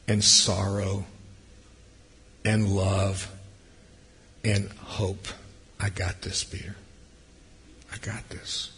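Man, preacher, breathy raspy voice, sermon, loud then hushed delivery, reverberant hall. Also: fairly low pitch. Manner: swings between loud emphasis and hushed near-whispers.

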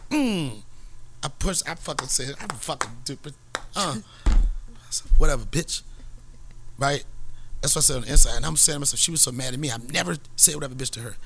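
A middle-aged man, the podcast host, telling a story in casual, profane, animated chat and laughing often. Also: medium pitch, a little fast, creaky, background noise.

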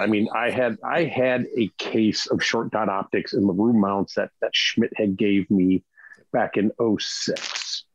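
A man's voice: fairly low pitch, husky, no echo, highs cut off. A middle-aged man in casual chat, rambling with restarts and frequent "right?" asides. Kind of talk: casual chat about rifle optics.

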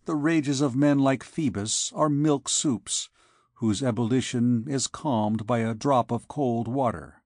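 A man narrating a classic novel as an audiobook in a measured, unhurried reading. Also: medium pitch, darkish tone, no room sound, studio quality. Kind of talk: scripted narration.

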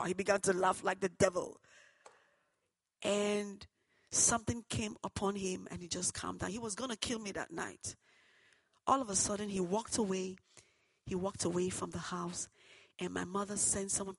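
A woman giving an earnest personal testimony that turns into preaching, moving between hushed and loud, fervent passages. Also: mid-range voice, moderate pace, no echo, rough recording. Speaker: testimony speaker.

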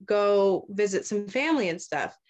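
A young woman telling a story in easygoing, profane chat. She drops into quick little voices for each character, then goes straight back to her ordinary middle-pitched voice. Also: expressive, darkish tone. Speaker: podcast host retelling a story. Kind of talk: casual chat.

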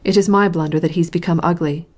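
A woman reading the lines of a brisk, impatient male landowner, in a curt, commanding way. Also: fairly low pitch, steady tone, darkish tone, close to an everyday voice.

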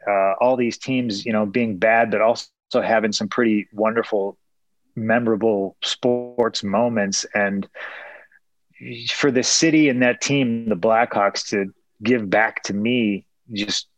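Earnest rambling man, low and dry. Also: fairly even intonation, takes it slowly, a bit bright, dry recording, poor audio. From Chicago. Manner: earnest, rambling, with many restarts. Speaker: former fighter and MMA broadcaster. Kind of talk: reflective interview answers.

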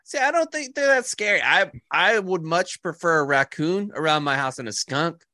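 A man's voice: fairly high pitch, expressive, moderate pace, pushed and bright, no room sound, clean studio sound. A man co-hosting a casual talk show, joking and laughing often. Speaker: co-host. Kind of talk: casual chat.

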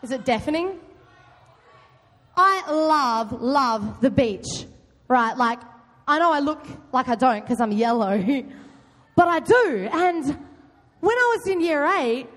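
A young woman giving a loud, chatty youth talk, often quizzing her audience. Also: sits high, big pitch swings, unhurried. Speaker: youth group speaker. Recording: long hall reverb.

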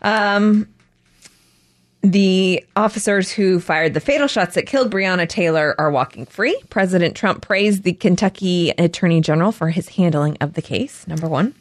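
Woman doing the news bit on a radio show, lowish voice, dry close mic, reads then chats. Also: normal speed, no echo. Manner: reads headlines, then chats plainly with fillers. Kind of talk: reading news on talk radio.

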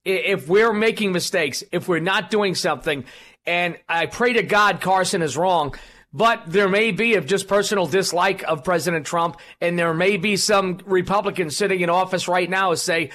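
Combative talk radio host, high voice. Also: male voice, moderate pace, a bit bright. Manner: rambling, combative, many fillers. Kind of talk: political talk radio commentary.

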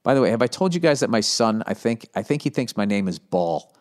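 A man's voice: lowish voice, very animated, fast talker. A man hosting a solo podcast, rambling in a profane, jokey way about his life. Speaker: podcast host.

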